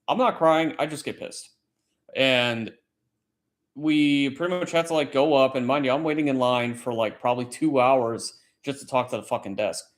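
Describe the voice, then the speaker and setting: A man hosting a casual late-night chat stream, telling a long story in a rambling, profane way. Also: mid-range voice. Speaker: livestream host; military service member.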